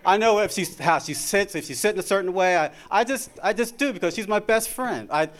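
A man's voice: sits high, brisk. A middle-aged man giving an informal sermon about marriage, talking conversationally and often repeating his words.

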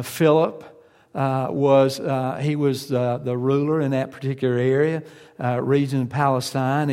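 A man's voice: on the high side, darkish tone, in a large hall. A male pastor preaching a sermon. He hesitates often with fillers, then builds to emphatic points.

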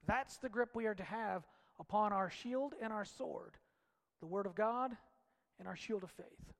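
Impassioned high-voiced male preacher. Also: unhurried, gravelly, long reverb tail. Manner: impassioned, swings from loud shouts to hushed low lines. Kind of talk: sermon.

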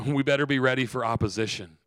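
A man pastor giving an earnest sermon, repeating phrases and slowing down for emphasis. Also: medium pitch, a bit bright, dry recording.

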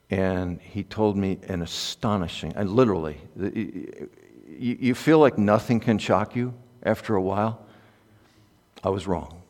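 Impassioned preacher in an echoey hall. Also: male voice, sits low, a little slow, pauses often. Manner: swings from soft asides to loud impassioned peaks. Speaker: pastor. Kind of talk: sermon. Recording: echoey hall with long reverb.

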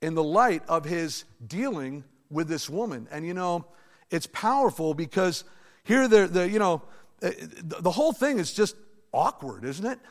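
A male pastor with a high voice delivers a sermon at a moderate pace in a church sanctuary. His preaching is animated and conversational, with asides to the congregation, and the recording carries the long reverb of a large hall.

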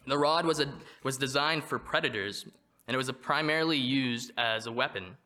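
A man preaching a sermon, reading from a prepared text in a measured way and slowing down to stress quoted verses. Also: medium pitch, bright, forceful tone. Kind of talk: read sermon.

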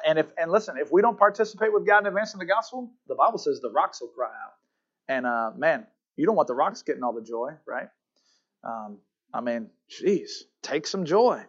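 A man preaching a sermon as pastor, emphatic, asking rhetorical questions and pausing for amen. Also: high voice, highs cut off.

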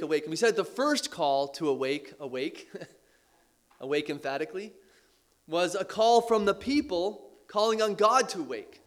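A man preaching a sermon with earnest emphasis, repeating key phrases and letting his voice drop low at the ends of lines, with the odd light laugh. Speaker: pastor.

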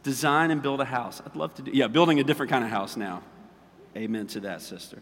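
A man's voice: medium pitch, animated, fast talker. A man preaching a casual sermon as pastor, chatty and checking in with his listeners often. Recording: long reverb of a large hall.

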